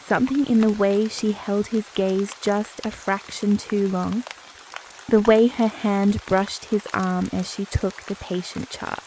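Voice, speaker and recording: A woman narrating a spicy romance sleep story in a calm, even reading voice. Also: mid-range voice, slight background noise, low-quality recording.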